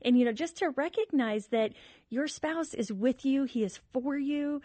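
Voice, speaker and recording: A woman speaks as a guest on a talk show in a sincere, cheerful way. Her voice sits fairly high. The sound is dry and close. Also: normal speed, dark tone, dry recording. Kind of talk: conversational interview.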